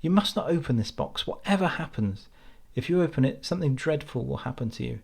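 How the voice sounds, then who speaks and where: A man's voice: on the high side, lively intonation, brisk, creaky, breathy edge, pitched above the performer's own voice, exaggerated voice. A man playing a sorrowful sea princess. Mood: sorrowful, solemn. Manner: gentle but solemn warnings.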